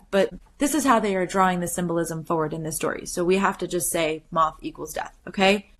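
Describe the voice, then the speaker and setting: A woman hosting a podcast, talking casually and animatedly, retelling scenes with quoted lines and frequent "like" fillers. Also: mid-range voice. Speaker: podcast host. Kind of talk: casual solo commentary.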